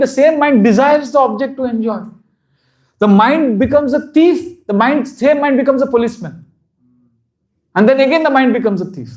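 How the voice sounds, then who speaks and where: A man's voice: sits high, a little mellow. Laughing man teaching devotion. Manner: earnest, often breaks into laughter; repeats phrases for emphasis. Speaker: spiritual teacher. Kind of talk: devotional seminar talk.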